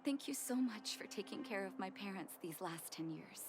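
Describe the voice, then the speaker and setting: An actress voicing an earnest, caring young woman doctor in a video game, speaking softly and sincerely. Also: medium pitch, lively intonation, moderate pace, natural voice. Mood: emotional. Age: young adult. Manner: soft, sincere, emotional. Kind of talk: game voice acting. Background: game music.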